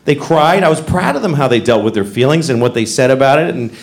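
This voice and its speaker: A middle-aged man doing a stand-up comedy set, telling stories animatedly and acting out voices with loud bursts. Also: mid-range voice, lively intonation, quick pace. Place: live comedy stage. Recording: echoey venue with audience noise.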